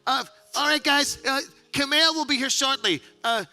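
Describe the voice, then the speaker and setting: A man narrating as game master of a live tabletop game, animated and quick to laugh. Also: extremely high pitch, soft background music.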